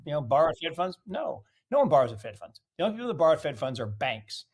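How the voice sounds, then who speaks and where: A man with a somewhat high voice delivers forceful, opinionated market commentary. He presses his points with strings of rhetorical questions and blunt declarations. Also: sing-song, quick pace, slightly rough. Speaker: guest commentator.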